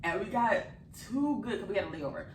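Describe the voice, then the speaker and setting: A young adult woman vlogger telling a travel story in casual chat, animated and swearing freely, recorded in a hotel room. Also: medium pitch, a little fast, a little hiss or hum. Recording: echoey room, camera at a distance.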